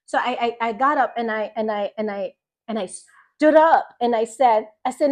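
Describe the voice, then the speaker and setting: A woman's voice: fairly high pitch, moderate pace. A woman from Philadelphia telling her personal birth testimony, emphatic and repeating phrases for effect as she acts out conversations. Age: adult mother. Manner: lively storytelling, acts out conversations. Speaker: faith vlogger.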